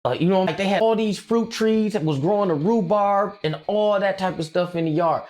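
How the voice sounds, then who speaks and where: Dude ranting on stream, kinda high voice, all over the place, slangy, laughs a lot. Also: male voice, fairly quick. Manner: animated, rambling, slangy, laughs often. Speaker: streamer reading chat. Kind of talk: casual livestream rant.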